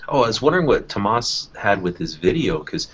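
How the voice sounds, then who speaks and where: A man's voice: on the low side, very animated, a little fast, fairly bright tone, husky, dull audio. A man talking about teaching in a casual online discussion, thinking aloud with many fillers and restarts. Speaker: educator in a panel discussion.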